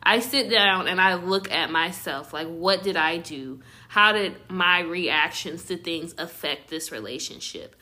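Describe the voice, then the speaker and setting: A woman's voice: lowish voice, unhurried, few pauses, sharp tone. A young woman co-hosting a casual podcast, earnestly giving advice. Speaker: podcast co-host. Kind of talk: casual chat.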